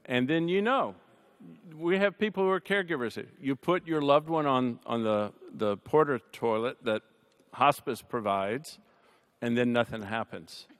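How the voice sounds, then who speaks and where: A man speaking on a panel, telling a personal family story in a conversational way, with dry humor, his voice softening at the sad moments. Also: mid-range voice. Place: large chapel. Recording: long reverb of a large hall.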